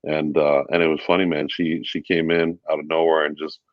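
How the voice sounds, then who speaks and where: A man talking as a guest in a casual interview, relaxed and chatty with many fillers. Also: rumbling low, brisk, no echo, dull audio. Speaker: guest, VP of sales.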